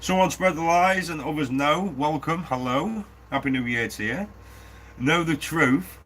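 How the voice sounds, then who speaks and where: A man's voice: fairly high pitch, measured pace, fairly bright tone. A man hosting a casual live stream while building a prop, chatting with viewers, laughing often and reading the chat aloud. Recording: noisy workshop with sanding. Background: sanding and 3D printer noise.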